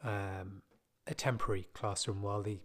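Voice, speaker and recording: A man casually telling a personal story from his school days, with relaxed, self-deprecating asides. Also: fairly low pitch, normal speed.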